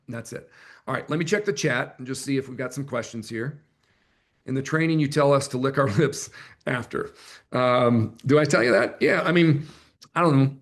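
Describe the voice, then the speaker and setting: A man running a live online sales training, chatty and energetic, joking about himself as he coaches. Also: mid-range voice, normal speed. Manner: energetic, chatty, self-deprecating. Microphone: computer mic on a video call.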